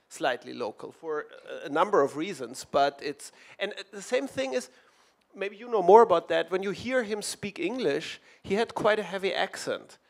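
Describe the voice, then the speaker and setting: A man speaking on an academic panel, hesitant and self-correcting, hedging his points. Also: fairly high pitch. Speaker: panelist at a literary roundtable.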